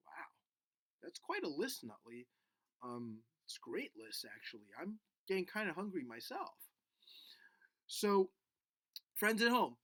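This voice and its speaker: A man teaching a video lesson to first graders in a gentle, patient, coaxing way. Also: on the high side, big pitch swings, unhurried, long pauses, no echo. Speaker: elementary school teacher.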